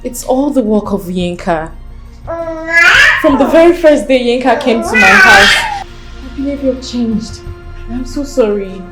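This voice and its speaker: Sorry weepy woman begging forgiveness, high pitch, big swings. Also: big pitch swings, a little slow, pauses often. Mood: remorseful. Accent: Nigerian. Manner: tearful, apologetic. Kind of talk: Nollywood film acting. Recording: echoey room with loud film music.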